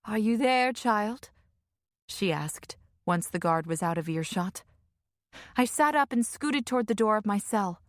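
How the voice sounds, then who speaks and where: A woman narrates a first-person fantasy novel in a measured, emotive read. Her voice sits at a middling pitch. The studio sound is close and completely dry. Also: expressive, no room sound. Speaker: audiobook narrator.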